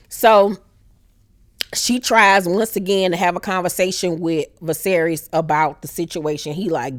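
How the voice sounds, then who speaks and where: Animated woman recapping a TV show. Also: on the low side, a little slow, no echo, clean studio sound. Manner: animated, acts out characters in exaggerated voices. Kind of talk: casual profane TV recap.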